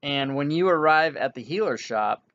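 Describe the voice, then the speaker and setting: A man's voice: a little high, animated, normal speed, fairly bright tone, muffled recording. A man narrating an online tabletop game as game master, casual and rambling, with many restarts.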